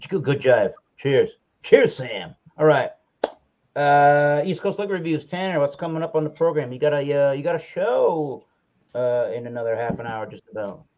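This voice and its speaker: A man's voice: fairly high pitch, animated, moderate pace, a little mellow. A man hosting a casual livestream chat, rambling and often correcting himself as he talks. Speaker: livestream host. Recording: slightly dull lo-fi audio.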